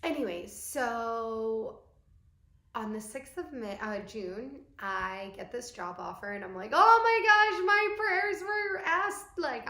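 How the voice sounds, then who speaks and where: A woman's voice: medium pitch, a bit bright. A young woman vlogger telling a candid, emotional personal story in casual speech with many fillers. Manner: candid, tearful storytelling with frequent "like". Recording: echoey room.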